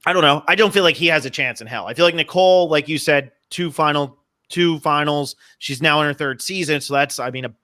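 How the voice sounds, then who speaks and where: Bright-voiced opinionated man from New Jersey. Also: fairly high pitch. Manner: opinionated, self-deprecating, quick asides. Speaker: podcast host. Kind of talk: casual podcast chat.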